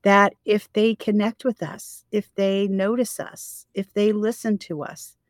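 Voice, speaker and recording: A woman's voice: medium pitch, fairly even intonation, a little slow, no echo, studio quality. A woman co-hosting a faith-based parenting podcast, talking in an earnest, reflective way and sometimes reading scripture aloud. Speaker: podcast co-host.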